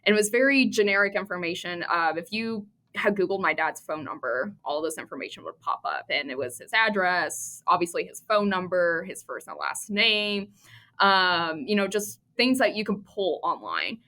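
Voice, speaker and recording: A woman from the US Midwest, a cybersecurity expert guest, telling a lively anecdote in a conversational podcast, often laughing. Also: fairly low pitch, moderate pace.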